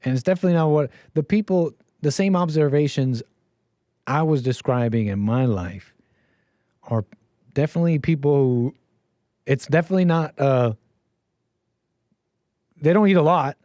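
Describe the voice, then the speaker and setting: A man's voice: a little high, normal speed, long pauses, warm tone, no echo. A man livestreaming, rambling casually with many repeats and restarts. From Canada. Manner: meandering, repeats words and restarts.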